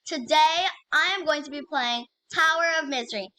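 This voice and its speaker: A young woman with a high, bright voice chats through her gameplay on her channel. She talks casually and excitably, piles on fillers and repeats the same exclamations again and again. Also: moderate pace. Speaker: gaming YouTuber.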